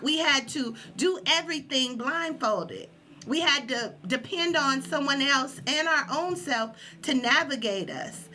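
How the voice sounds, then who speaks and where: A woman podcast host telling a story in a casual live stream, animated and acting out quotes. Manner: animated, acts out quotes with high yelps.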